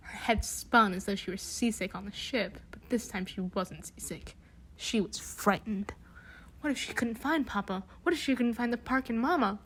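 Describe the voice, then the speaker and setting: A young woman casually reading a children's book aloud, throwing in sarcastic asides and slang abbreviations. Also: mid-range voice. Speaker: reader.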